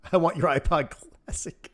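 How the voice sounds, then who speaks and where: A man's voice: on the high side, fairly even intonation, unhurried, a bit bright. Chatty male game streamer. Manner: rambling, chatty, laughs often, answers chat. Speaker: live streamer. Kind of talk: casual live-stream chat while gaming.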